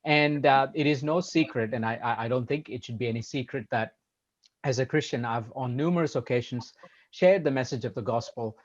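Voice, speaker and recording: A man hosting a podcast, talking in a measured, hedging way with many restarts. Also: mid-range voice, highs cut off. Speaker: podcast host. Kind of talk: casual conversation.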